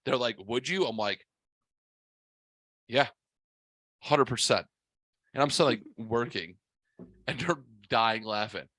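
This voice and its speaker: A man in his forties telling a story on a casual podcast in a blunt, profane, animated way. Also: mid-range voice, a little slow, long pauses, no echo. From half white, half Mexican heritage. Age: 40s. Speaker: podcast host.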